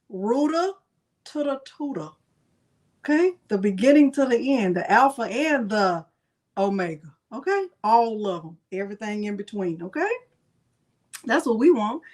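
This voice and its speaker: A high-pitched woman runs a casual crafting livestream. She talks in a chatty, playful way and greets her viewers one by one.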